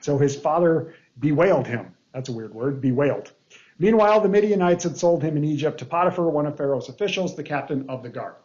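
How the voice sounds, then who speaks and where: A man's voice: a little high, animated, brisk, a little mellow, roomy sound, highs cut off. A man, a pastor, leading a casual Bible study lesson, reading scripture aloud and breaking off for joking asides and questions to the group.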